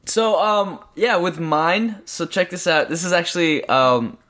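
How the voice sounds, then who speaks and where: A young man co-hosting a podcast, talking in a rambling, excitable way with lots of fillers and restarts. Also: high voice, unhurried. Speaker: podcast co-host. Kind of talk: casual chat.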